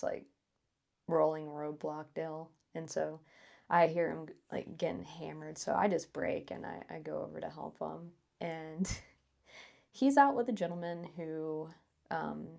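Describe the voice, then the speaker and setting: A low, gravelly woman co-hosts a casual podcast. She rambles through a story with many fillers and laughs along the way. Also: steady tone, unhurried, a little mellow. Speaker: podcast co-host.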